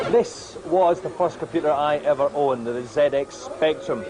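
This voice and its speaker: A man's voice: on the high side, moderate pace, over music. A man in his twenties from Britain, presenting old games with jokey, self-mocking nostalgia. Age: 20s. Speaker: guest presenter. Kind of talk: reminiscing presentation to camera. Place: retro games exhibition in a shop.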